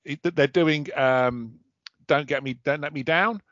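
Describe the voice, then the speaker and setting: A man's voice: fairly high pitch, measured pace, a bit bright, no room sound. Chatty man, lo-fi podcast. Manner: chatty, looks things up while talking, self-interrupting. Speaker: podcast co-host. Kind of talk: casual chat. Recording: dull lo-fi dry recording.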